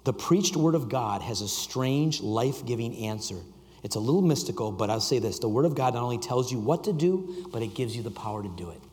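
A man preaching a sermon to a congregation, reading scripture and joking with the room, shifting from loud emphasis to quiet intensity. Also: mid-range voice, expressive, a little fast. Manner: reads scripture aloud and jokes with the congregation. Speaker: pastor. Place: church sanctuary. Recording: long reverb of a large hall.

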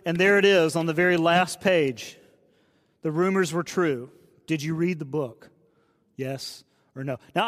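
Male pastor, late 30s, chatty storytelling sermon, voice a touch high, hall reverb. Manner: conversational storytelling, asks the audience questions.

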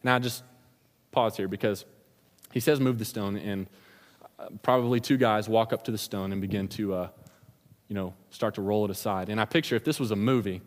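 A man's voice: lowish voice, steady tone, a little fast, long pauses. A man preaching a sermon, retelling the scripture story in a casual, slangy storytelling manner. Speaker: pastor. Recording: long reverb of a large hall.

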